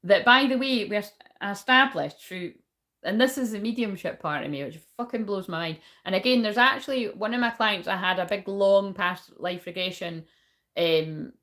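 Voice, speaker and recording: A woman's voice: lowish voice, a bit bright. A young woman giving a casual spiritual reading, rambling and swearing often. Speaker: spiritual reader and shaman.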